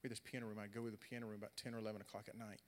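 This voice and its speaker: A young adult man preaching a sermon, swinging from loud, animated storytelling to quiet, earnest talk. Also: lowish voice, rapid-fire. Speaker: pastor. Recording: long hall reverb.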